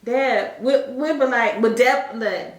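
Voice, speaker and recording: High-pitched woman teasing her sister, jumping in all the time, echoey room. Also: slow, recorded from a distance. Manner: teasing, chiming in and finishing her sister's sentences. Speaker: podcast co-host. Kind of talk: casual chat.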